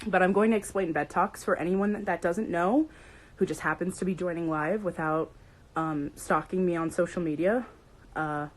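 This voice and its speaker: A woman's voice: lowish voice, poor audio. Bubbly young woman hosting a livestream. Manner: bubbly, greets viewers by name, playful shouts. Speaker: livestream host. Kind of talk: casual livestream chat.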